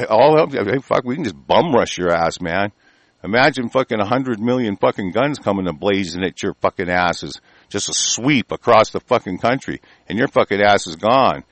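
A man's voice: mid-range voice, no echo. A man ranting angrily as a talk show host, swearing constantly and laughing mockingly. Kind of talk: profane conspiracy rant.

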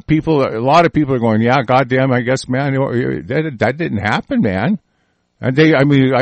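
A man's voice: fairly high pitch, dry recording. A man delivering a heated, profane political rant, stumbling over his words.

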